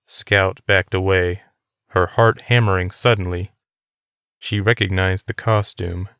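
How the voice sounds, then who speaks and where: A man narrating a novel as an audiobook, reading in a steady, unhurried way. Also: low voice, clean tone, no room sound, studio quality. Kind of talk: scripted narration.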